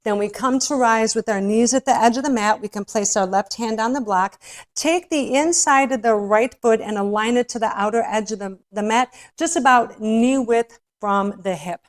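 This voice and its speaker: A woman's voice: a little high, moderate pace. A woman leading a guided yoga class, soothing and encouraging, a little out of breath as she demonstrates poses. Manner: soothing, encouraging, spiritual phrasing with frequent "right?". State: slightly out of breath. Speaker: yoga instructor.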